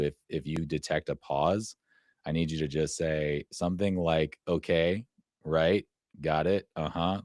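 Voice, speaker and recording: Very deep-voiced man hosting a live show. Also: darkish tone, no echo, studio quality. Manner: halting, filler-heavy explaining. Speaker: show producer and host. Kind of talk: live casual show chat.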